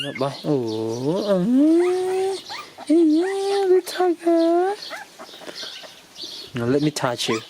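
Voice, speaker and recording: A woman filming her dogs, cooing and coaxing her puppies in sing-song baby talk. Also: rumbling low. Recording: noisy background hiss.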